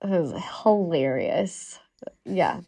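A woman's voice: lowish voice, expressive, slow pace, dark tone, slightly rough. Earnest woman guest advocate. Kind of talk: casual interview chat.

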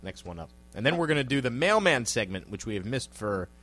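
A man's voice: medium pitch, big pitch swings, brisk, fairly bright tone. A man co-hosting a trivia podcast in casual chat. He laughs often and jokes around loosely.

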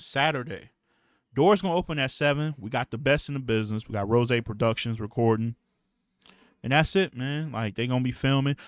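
Man, podcast host, casual rambling slang, clears his throat, dry close sound. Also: medium pitch, fairly quick, dry recording. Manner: loose, profane, slangy and rambling. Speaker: podcast host and battle rap league promoter.

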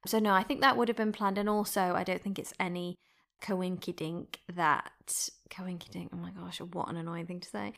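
A woman hosting a casual chat, answering fan questions with effusive, rambling enthusiasm that often drops into soft half-whispers. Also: fairly low pitch. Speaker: podcast host, former series actor.

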